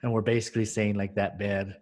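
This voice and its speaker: A man's voice: fairly low pitch, a little fast. Rambling man recalling stories. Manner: rambling, acts out scenes in animated voices. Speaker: podcast co-host. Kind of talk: casual chat.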